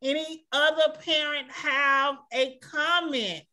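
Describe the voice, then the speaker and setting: Hosting a school assembly online through a video call, this woman thanks everyone by name, sprinkling in frequent religious praise. Her voice is high-pitched, pushed and bright, with a steady tone and a slow pace, and the whole address feels warm and emotional.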